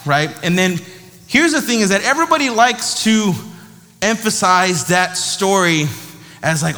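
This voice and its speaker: A man giving a sermon in a lively, conversational way, often tossing in "right?" to his listeners. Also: high-pitched, normal speed, faint music behind. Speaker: preacher. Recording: long hall reverb.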